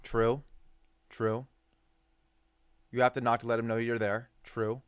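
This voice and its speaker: A man's voice: mid-range voice, level tone, a little slow, clean tone, dry recording, clean studio sound. A man giving heated, profanity-laced reaction commentary on sports news, repeating himself for emphasis. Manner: profane, ranting, repetitive emphasis.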